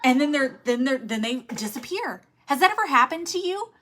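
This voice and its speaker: A woman giving motivational sales coaching in an energetic, emphatic way, telling listeners what to do. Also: sits high, a little fast. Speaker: network marketing sales trainer.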